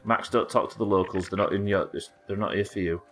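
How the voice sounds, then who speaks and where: A man's voice: on the low side, fairly even intonation, brisk, fairly bright tone, soft background music. A young man with a Yorkshire accent chatting and swearing casually as he plays a game on a live stream and talks to his chat. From Yorkshire, England. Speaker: livestreamer. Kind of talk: casual gameplay commentary.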